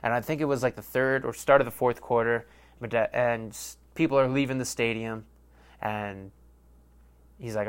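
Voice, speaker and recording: A man's voice: mid-range voice, steady tone, moderate pace, clean tone. A young man hosting a sports podcast, rambling in a casual, profane and self-mocking way. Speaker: podcast host.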